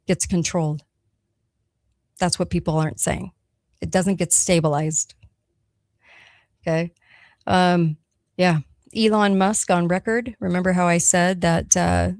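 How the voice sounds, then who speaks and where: A woman's voice: lowish voice, a little mellow, no echo, clean studio sound. A woman hosting a radio talk show, speaking emphatically and checking in with her listeners as she goes. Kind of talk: solo talk radio monologue.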